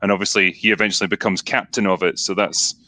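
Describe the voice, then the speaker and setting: This is a Scottish man with a fairly low, bright, forceful voice, hosting a casual podcast chat. He talks bluntly and swears freely, rambling through his points. The sound is dry and close. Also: level tone, quick pace, no echo. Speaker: podcast host. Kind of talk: casual film discussion.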